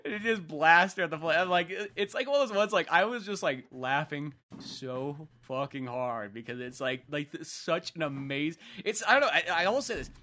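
A man's voice: on the high side, expressive, moderate pace, hardly any pauses, sharp tone. A man chatting casually and profanely about a film, rambling with lots of fillers.

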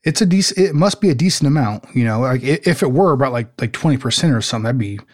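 A man's voice: mid-range voice, expressive, quick pace. Rambling man in casual chat. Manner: rambling, heavy use of "like" and "you know", swears freely. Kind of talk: casual conversation.

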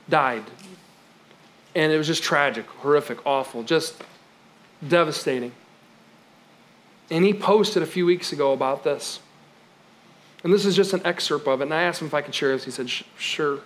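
High-voiced emphatic male preacher. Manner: emphatic, swings from loud exclamations to quiet lows; conversational, with light laughs. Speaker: pastor. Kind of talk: sermon.

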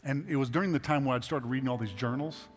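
A man's voice: mid-range voice, fast talker. A middle-aged man preaching a sermon as pastor, talking conversationally and earnestly and building to emphatic exhortations. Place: church sanctuary. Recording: hall reverb with faint music.

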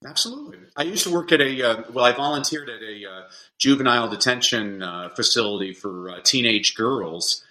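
Podcast guest, male educator: bright, punchy voice, animated anecdotal delivery. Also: mid-range voice, a little fast, rough recording. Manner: animated storyteller acting out kids' voices. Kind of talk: casual podcast chat.

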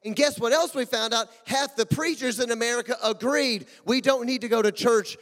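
A man preaching a sermon as pastor, emphatic and full of rhetorical questions, swinging between loud and hushed. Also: very high voice, moderate pace. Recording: long hall reverb.

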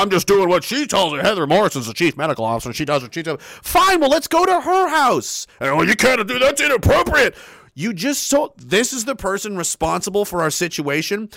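A man's voice: sits high, a bit bright, no echo. A man ranting angrily on a livestream, sarcastic and indignant, swearing freely and answering his chat. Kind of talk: angry livestream rant.

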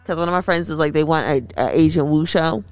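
A woman co-hosting a casual chat, talking in a chatty, animated and playful way. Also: deep voice, fast talker, dry recording.

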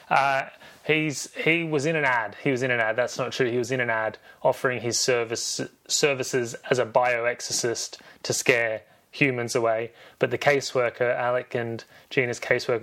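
A man's voice: mid-range voice, fairly bright tone. A man hosting a podcast, recapping a film in a rambling, jokey way and correcting himself as he goes. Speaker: podcast host.

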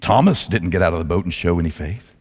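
Animated preacher man with big pitch swings. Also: fast, slightly rough. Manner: dramatic storyteller, swings between loud and hushed. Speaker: pastor. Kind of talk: sermon. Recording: long hall reverb.

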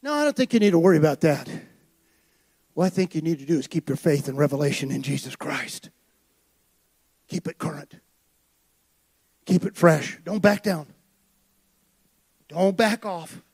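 A man preaching a sermon with passion, building to shouted high points. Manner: impassioned preaching that swells to shouts.

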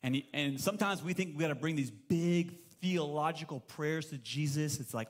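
A man's voice: on the high side, moderate pace, hardly any pauses. A man in his thirties preaching a sermon as pastor at a church service, telling stories with playful acted-out voices and humor.

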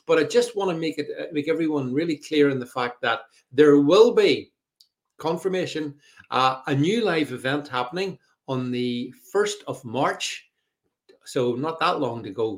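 Chatty podcast host. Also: male voice, medium pitch. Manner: chatty, reads out viewer comments, frequent fillers. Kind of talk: live podcast chat with co-host.

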